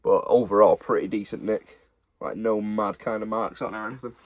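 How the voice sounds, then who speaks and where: A man's voice: fairly low pitch, steady tone, a little fast, no room sound. A young man, casually showing off secondhand football shirts he is reselling, in a chatty, rambling way. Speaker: online reseller. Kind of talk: casual haul chat.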